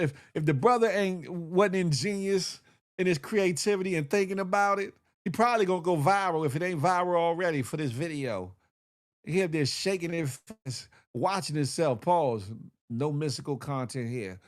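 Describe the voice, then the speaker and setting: A man hosting a morning show, riffing in casual commentary with slang, frequent laughs and sung snippets. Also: fairly high pitch. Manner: animated, slangy, laughs often, sings snippets.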